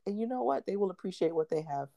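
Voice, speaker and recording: This podcast co-host is a fast talker with vocal fry and a medium pitch. Chatting casually, she tells animated stories, acts out what people said, and laughs often.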